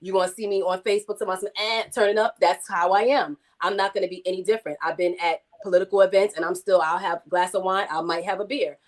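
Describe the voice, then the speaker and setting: A woman's voice: on the low side, steady tone, quick pace, few pauses. A woman with a New York accent, speaking outspokenly and emphatically in a casual podcast discussion.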